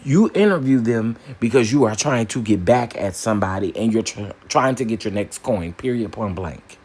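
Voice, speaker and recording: A man hosting a casual opinion commentary, emphatic and animated, repeating phrases for punch. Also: on the low side, moderate pace, husky. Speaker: commentary channel host.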